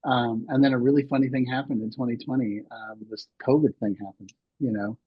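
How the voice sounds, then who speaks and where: A man's voice: medium pitch, steady tone, a little fast, slightly rough, no room sound, lo-fi sound. A man in his sixties telling personal stories as a podcast guest, rambling with many restarts and fillers. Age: 60s. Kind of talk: candid interview storytelling.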